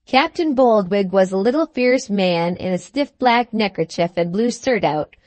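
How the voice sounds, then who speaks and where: A woman reading an audiobook as narrator, measured and expressive. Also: mid-range voice, no room sound. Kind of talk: scripted narration.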